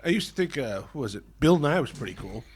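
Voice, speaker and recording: A man's voice: medium pitch, very animated, quick pace, slightly rough. A man in his forties co-hosting a podcast, talking casually and bluntly with offhand swearing. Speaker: podcast co-host. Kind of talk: casual chat.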